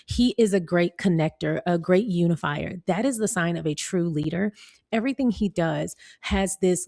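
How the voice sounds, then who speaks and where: American woman vlogger, conversational, slightly low voice, dry recording. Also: gravelly, dark tone, no room sound. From United States. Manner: chatty, laughs often, talks straight to viewers. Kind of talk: casual commentary and reading aloud.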